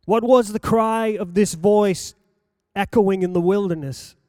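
A man preaching a sermon, reading scripture aloud in a slow, measured delivery that rises for emphasis and drops low at the ends of phrases. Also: mellow, dry recording, studio quality.

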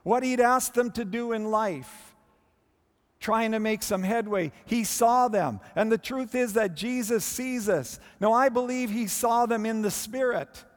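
A man preaching a sermon with expressive delivery and dramatic pauses. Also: sits high. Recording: long hall reverb.

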